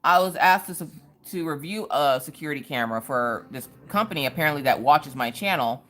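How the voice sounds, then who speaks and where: A talkative woman runs a relaxed livestream, telling stories and greeting viewers by name. Her voice sits low but swings up and down a lot as she talks. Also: fairly quick. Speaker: livestream host. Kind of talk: casual livestream chat.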